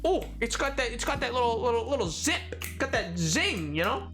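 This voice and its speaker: Casual game streamer, lively swooping delivery, chatty and rambly, music bed under. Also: mid-range voice, moderate pace. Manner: rambling, many repeated words and fillers, playful. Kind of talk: casual live-stream chat while playing. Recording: music playing behind.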